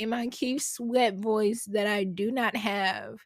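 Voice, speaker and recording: A woman's voice: medium pitch, steady tone, takes it slowly, few pauses, dry recording. A woman hosting a casual solo podcast from home on a podcast mic, chatty and slangy as she talks straight to her listeners. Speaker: podcast host. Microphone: podcast mic at a laptop.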